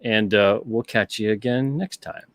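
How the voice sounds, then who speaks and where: A middle-aged man hosting a casual livestream show, reading viewer questions from the chat and answering them in a relaxed, thinking-aloud way. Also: lowish voice, a little slow, heavy background noise. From not British. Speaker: podcast host.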